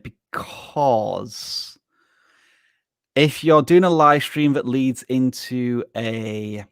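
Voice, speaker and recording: A man's voice: mid-range voice, no echo, studio quality. Frank Yorkshire-accented man co-hosting. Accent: Yorkshire English. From Yorkshire, England. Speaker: co-host. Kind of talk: live Q&A chat.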